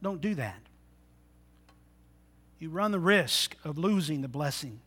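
A preacher giving a conversational sermon in church, often asking the congregation questions. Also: male voice, a little high, animated, slow pace, pushed and bright, breathy edge.

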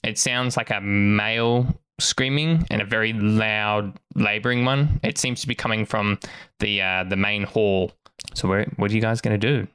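A man's voice: fairly low pitch, steady tone, normal speed, fairly bright tone, clean tone. A man narrating as game master, casual, with lots of fillers and swearing.

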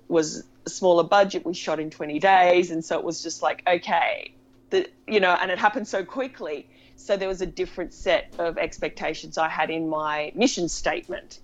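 A woman's voice: low voice, lo-fi sound. A woman film director, chatting animatedly in an interview and telling stories with laughs. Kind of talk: casual interview conversation.

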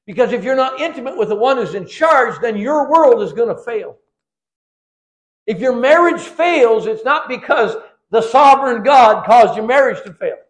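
A man's voice: very high voice, animated, normal speed. An older man preaching a sermon in a church, emphatic and repetitive, weaving in his own life story. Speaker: guest preacher.

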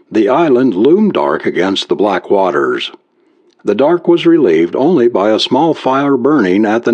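A man narrating an adventure story as an audiobook with a lively storytelling delivery. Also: on the low side, slightly rough. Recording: muffled lo-fi recording.

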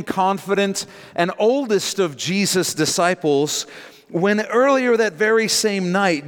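A man preaching in an earnest, dramatic storytelling way. His voice sits a little high for a man. Long reverb from a large church hall trails after every phrase. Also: clean tone. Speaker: pastor. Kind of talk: sermon.

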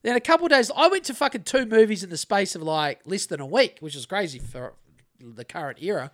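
A man's voice: sits high, big pitch swings, a little fast, fairly bright tone. A middle-aged man, hosting a podcast and telling rambling, sweary stories in a laid-back way. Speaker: podcast host. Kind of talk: casual chat.

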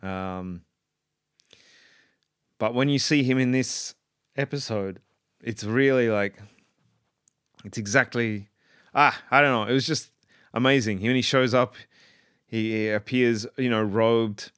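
A man's voice: medium pitch, slow, pauses often, fairly bright tone, clean tone, no room sound, studio quality. An Australian man reviewing a show in a rambling, enthusiastic casual monologue full of ums and restarts. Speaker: pop culture commentator.

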